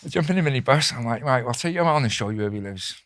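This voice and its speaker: A man hosting a podcast, telling a story in casual chat, swearing constantly and loudly acting out the voices of the people in it. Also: mid-range voice, lively intonation, rapid-fire, dry recording. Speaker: podcast host.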